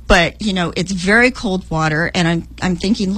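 A woman's voice: normal speed, breathy edge, no room sound, low-quality recording. A middle-aged woman telling a vivid dream with emotion, acting out her own words in a raised voice. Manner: animated, acts out her own lines in a higher voice. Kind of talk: emotional storytelling.

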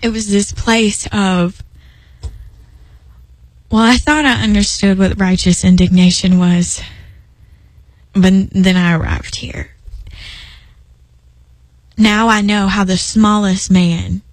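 A woman's voice: mid-range voice, steady tone, unhurried, no room sound, rough recording. A young woman speaking earnestly about faith in a personal devotional talk, emphatic and rambling with restarts. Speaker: Christian speaker.

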